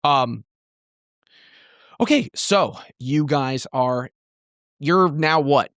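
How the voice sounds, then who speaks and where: Guy gm rambling thru a scene, regular pitch, dry close mic. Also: very slow, a bit bright, no room sound. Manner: loose, rambling scene description. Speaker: game master. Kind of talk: narrating a tabletop game.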